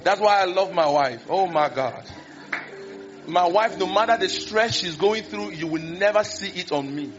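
Brief: high-voiced male preacher, lively storytelling sermon. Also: moderate pace, over loud music. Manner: animated, acts out scenes, exclamations. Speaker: pastor. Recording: dull lo-fi recording.

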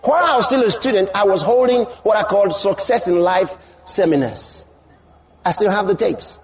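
A man preaching a sermon in an emphatic style, repeating his lines and rising to shouts. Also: high-pitched, normal speed, lo-fi sound.

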